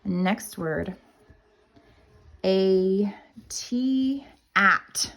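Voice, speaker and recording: Slow, gravelly-voiced kindergarten teacher. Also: female voice, on the low side. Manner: spells words letter by letter, drawn-out and deliberate. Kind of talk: slow spelling lesson for young children.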